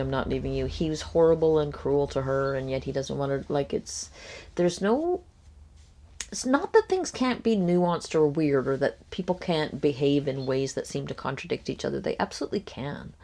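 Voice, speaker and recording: A woman with a low voice talks through a reaction commentary, pausing often with ums. She is critical and speculative, weighing each point as she goes. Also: dark tone. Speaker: commentary host. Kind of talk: reaction commentary on a podcast clip.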